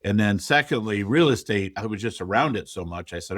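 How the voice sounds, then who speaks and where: A man's voice: fairly low pitch, expressive, a little fast, a bit bright, no room sound, studio quality. A middle-aged man, a podcast guest, telling his story candidly and quoting his own past thoughts. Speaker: podcast guest, real estate investor. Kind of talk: conversational interview storytelling.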